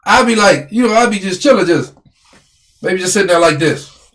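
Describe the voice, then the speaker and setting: Man, high-pitched, slightly hoarse, animated complaining, casual podcast. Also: moderate pace. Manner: animated, complaining, repeats himself. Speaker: podcast co-host. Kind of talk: casual argumentative chat.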